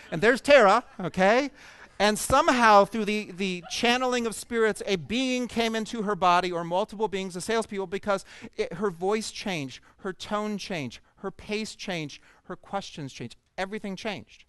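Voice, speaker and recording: A man with a fairly high, smooth, resonant voice tells a story to an audience of coaches. He speaks expressively and with humor, and the sound is dry and close. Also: normal speed, fairly bright tone, dry recording. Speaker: conference speaker. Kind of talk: storytelling keynote talk to coaches. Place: event stage before an audience.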